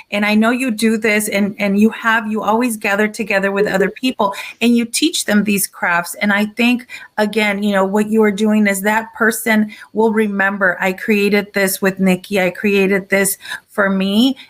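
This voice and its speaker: Woman co-host, mid-pitched, halting and full of praise, casual video call chat. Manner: warm praise with many restarts and fillers. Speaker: conference co-host.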